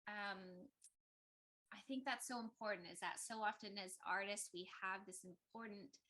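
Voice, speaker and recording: A woman with a medium-pitched, sharp-toned voice speaks at a moderate pace as a guest on a casual online panel over a video call. She is thoughtful, hedging often and filling her speech with lots of ums and likes. The audio quality is poor.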